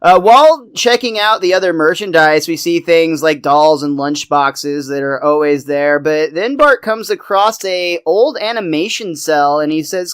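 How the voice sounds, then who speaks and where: A man's voice: on the high side, measured pace, hardly any pauses, a bit bright, smooth. A man co-hosting a podcast, casually recapping a cartoon episode and laughing often. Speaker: podcast co-host.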